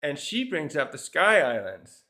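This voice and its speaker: A man's voice: on the high side, sing-song, measured pace, bright, forceful tone. A man casually reviewing a comic chapter, rambling through the scenes with lots of fillers and little chuckles. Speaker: manga reviewer.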